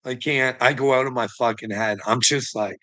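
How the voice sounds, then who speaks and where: A man's voice: medium pitch, steady tone, normal speed, pushed and bright, low-quality recording. A man in a casual, rambling monologue, swearing often and laughing between thoughts. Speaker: vlogger.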